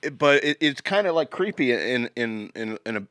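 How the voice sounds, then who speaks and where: A man's voice: medium pitch, animated, moderate pace, sharp tone, dry recording. Rambling jokey man, dry close sound. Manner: rambling, jokey, trails off and restarts. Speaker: podcast co-host. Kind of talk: casual banter.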